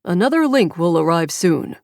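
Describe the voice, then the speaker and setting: A flat, commanding kidnapper with no emotion in his voice, as a woman narrator puts him on. The tone sits low, and the dry studio sound keeps every word close. This is audiobook character reading. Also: moderate pace, no echo, lightly acted. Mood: demanding. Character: cold male kidnapper behind a mechanical voice.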